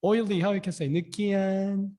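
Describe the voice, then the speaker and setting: A young man teaching a casual online language lesson, repeating words slowly and often asking his viewers "guys". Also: high voice, flat delivery, mellow.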